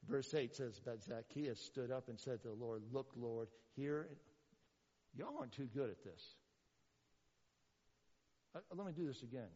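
A man preaching a sermon as pastor, animated, with rhetorical questions and sarcastic asides. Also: medium pitch, measured pace, pauses often, big-room sound, dull audio.

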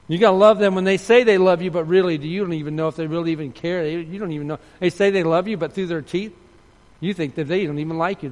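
A man preaching a sermon earnestly, rising and loud when telling a story, dropping soft and low for appeals. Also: in a large hall. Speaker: pastor.

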